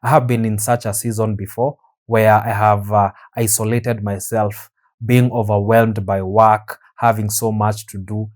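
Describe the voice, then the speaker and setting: A man hosting his own show, talking in an earnest, measured way with frequent pauses. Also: fairly low pitch, flat delivery. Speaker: podcast host. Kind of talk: reflective solo talk.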